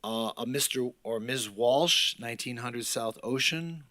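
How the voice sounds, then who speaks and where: A man's voice: mid-range voice, a little slow, bright, forceful tone, dry recording. A man chairing a public meeting who calls out speakers' names unhurriedly, with dry asides.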